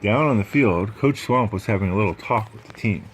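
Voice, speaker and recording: A man's voice: on the low side, fairly quick, a little hiss or hum. A man reading a picture book aloud, adding chatty asides about the pictures. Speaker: read-aloud storyteller.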